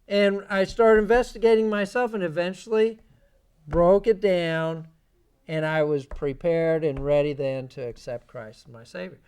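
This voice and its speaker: A man giving a creation science lecture in a church, animated and sarcastic in his asides. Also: sits high, unhurried, clear, resonant tone. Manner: animated, sarcastic asides, mocking quoted voices. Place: church sanctuary.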